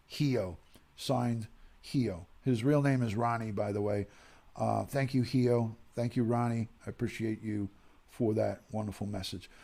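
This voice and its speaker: A grieving middle-aged man from the United States, soft-spoken and near tears as he reads viewer messages on a livestream. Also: mid-range voice, gravelly. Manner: soft-spoken, emotional, pauses and sighs. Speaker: streamer reading viewer messages. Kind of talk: emotional livestream reading.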